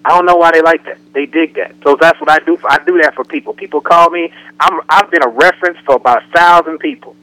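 A man's voice: on the high side, fast, dry recording, poor audio. A man co-hosting a casual radio talk show, telling jokes and acting out the way people talk. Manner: joking storyteller, animated impressions.

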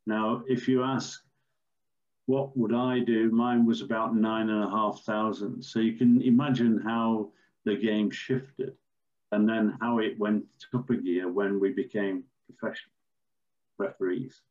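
An older man, a former referee, telling stories in a measured, storytelling way with some fillers. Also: fairly low pitch, fairly even intonation, darkish tone, lo-fi sound. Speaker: former football referee, podcast guest. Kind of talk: anecdotal interview answers.

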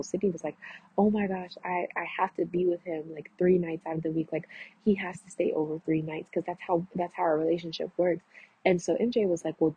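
A woman's voice: lowish voice, husky. A young woman vlogging, telling a long story casually and animatedly acting out what others said. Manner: animated, acts out quoted voices, many fillers. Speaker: vlogger recounting roommate conflict. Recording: muffled lo-fi audio.

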